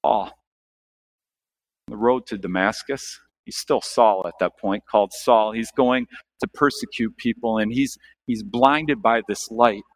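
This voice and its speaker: A male pastor preaching a sermon, asking the congregation questions, animated, with sharp rises and drops in his voice. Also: fairly low pitch, measured pace.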